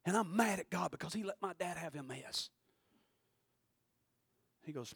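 A man preaching a sermon, who swings between shouting and quiet, intense passages and calls out to the congregation. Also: on the high side, lively intonation, normal speed, vocal fry, long pauses, slightly rough, dry recording. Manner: preaches with call-and-response asides to the congregation. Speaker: pastor.

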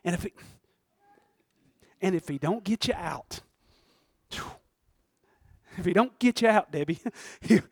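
A man preaching a sermon in a fervent, folksy way, moving between loud outbursts and hushed asides and chuckling often. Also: high-pitched, lively intonation, measured pace, pauses often, slightly rough, no echo, clean studio sound.

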